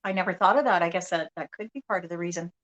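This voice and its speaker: A woman's voice: on the low side, rapid-fire, fairly bright tone, lo-fi sound. A woman co-host answering frankly and easily in casual chat.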